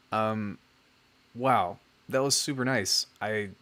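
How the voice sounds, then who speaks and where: A man's voice: lowish voice, fairly even intonation, unhurried, sharp tone. A young man chatting casually on his livestream, giving friendly feedback on music with lots of fillers. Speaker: music producer streaming feedback.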